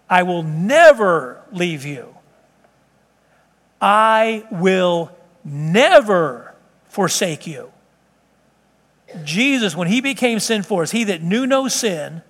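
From the pulpit of a church sanctuary, a pastor with a high, fairly bright voice drives his message home through emphatic repetition, and the recording carries a long hall echo.

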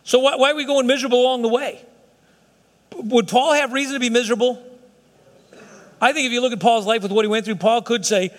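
High-voiced man preaching in a reverberant church. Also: fairly even intonation, quick pace, long pauses. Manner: emphatic, conversational preaching with acted-out quotes. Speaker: pastor. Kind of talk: sermon. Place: church sanctuary. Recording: long reverb of a hall.

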